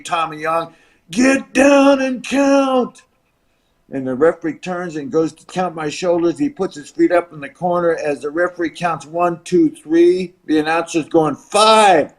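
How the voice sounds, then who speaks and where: A man in his seventies from the United States, a retired wrestler telling an animated anecdote as an interview guest. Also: on the high side. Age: 70s. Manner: animated, acts out quoted voices and crowd noise. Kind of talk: storytelling anecdote.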